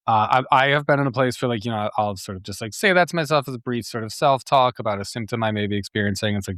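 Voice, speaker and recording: A man's voice: medium pitch, a little fast, fairly bright tone, no room sound, clean studio sound. A man hosting a solo therapy podcast, talking in a thoughtful, reflective way with frequent fillers. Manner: thoughtful, with frequent fillers and acted self-talk.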